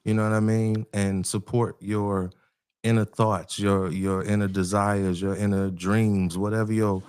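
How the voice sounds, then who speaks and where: Slangy low-voiced man hosting. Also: flat delivery, measured pace, darkish tone, smooth, no echo, clean studio sound. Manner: slangy, loose and joking. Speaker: podcast host. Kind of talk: casual group talk.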